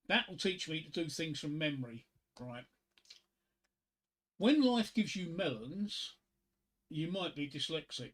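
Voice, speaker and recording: A man's voice: on the high side, normal speed. A middle-aged man chatting casually on his live stream, rambling between topics and reading corny one-liner jokes aloud at a home desk microphone.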